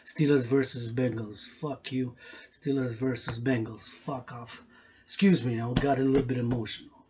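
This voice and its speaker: A man's voice: mid-range voice, little pitch movement, normal speed, dark tone. A man giving a rambling, emotional vlog monologue, repeating himself, swearing freely and talking in casual street slang. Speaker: workout video host.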